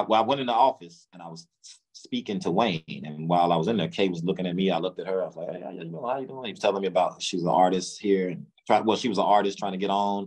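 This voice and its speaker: A low-pitched man with a Memphis Southern accent tells a long, rambling story in a relaxed interview. He repeats and restarts words and acts out other people's lines in a raised voice. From Memphis, Tennessee, US. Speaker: guest, music executive.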